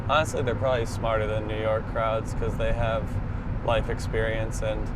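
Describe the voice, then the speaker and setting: A man who is a touring stand-up comedian, exhausted and self-mocking, talking in a dry, deadpan way in a documentary interview. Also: lowish voice, normal speed, heavy background noise. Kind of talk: candid documentary interview and crowd work.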